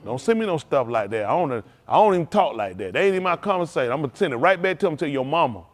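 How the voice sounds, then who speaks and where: A man's voice: on the high side, animated, racing. A man preaching an informal testimony to his congregation, emotional and conversational, often breaking into laughter and exclamations. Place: synagogue hall during livestream.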